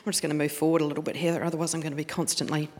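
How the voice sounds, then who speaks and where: A woman's voice: deep voice, little pitch movement, very fast, a little mellow. A middle-aged woman with a New Zealand accent, preaching a sermon in a conversational, storytelling way. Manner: conversational, storytelling with laughs and restarts. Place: church hall. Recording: long hall reverb.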